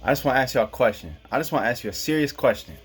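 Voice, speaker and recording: A man's voice: mid-range voice, expressive, rapid-fire. A man from Kansas delivering a rambling, profane casual monologue, chuckling at his own jokes. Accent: Black American English. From Kansas, USA. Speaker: vlogger.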